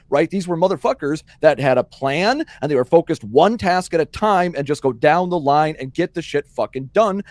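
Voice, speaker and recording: A man's voice: a little high, no room sound. A man co-hosting a casual panel chat, talking bluntly and with a lot of swearing as he makes his point. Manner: blunt, profane, animated. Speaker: podcast co-host.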